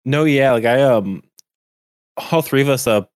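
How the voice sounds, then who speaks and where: A man's voice: medium pitch, unhurried, clear, resonant tone, no room sound, clean studio sound. A man co-hosting a podcast, chatting casually and rambling with many "like" fillers. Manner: rambling, heavy use of "like" fillers. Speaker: podcast co-host. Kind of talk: casual chat.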